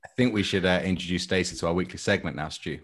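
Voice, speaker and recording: A man's voice: low voice, quick pace, a bit bright. A man co-hosting a sports podcast, jokey and steering the conversation with questions. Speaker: podcast co-host. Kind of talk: casual sports podcast chat.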